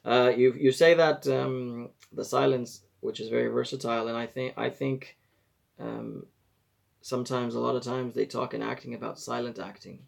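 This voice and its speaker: Man, 40s, gravelly and husky, casual rambling live-stream chat. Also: medium pitch, steady tone, normal speed. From Israel. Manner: rambling, self-correcting, chatty advice.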